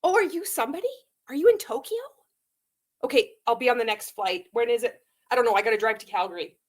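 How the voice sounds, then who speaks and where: A woman's voice: fairly high pitch, animated, quick pace. A woman mockingly imitating a smug, self-important male recruiter. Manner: mocking, sarcastic.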